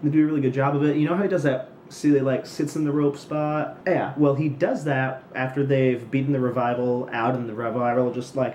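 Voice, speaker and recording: A man's voice: mid-range voice, darkish tone, a little hiss or hum. A young man casually recapping wrestling episodes, snarky and rambling with jokey asides. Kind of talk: casual solo recap commentary. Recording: roomy echoey room.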